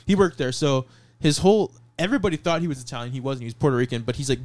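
A man's voice: medium pitch, lively intonation, very fast, darkish tone, dry recording. A man casually telling a long rambling story on a podcast, laughing through it. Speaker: podcast co-host.

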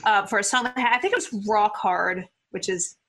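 A young woman co-hosting a casual music podcast, animated and quick with jokes and asides. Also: mid-range voice. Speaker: podcast co-host. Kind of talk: casual album review chat.

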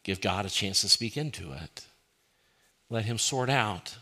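A man preaching a sermon as pastor, asking many rhetorical questions and dropping to a soft, quiet voice when he quotes. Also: sits low, animated, normal speed, breathy edge.

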